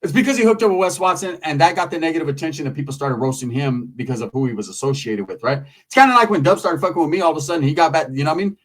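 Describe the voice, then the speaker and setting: A man talking casually into the camera, telling a profane story and mimicking other people in loud, high voices. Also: rapid-fire, few pauses. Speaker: YouTube commentator. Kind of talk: casual commentary monologue.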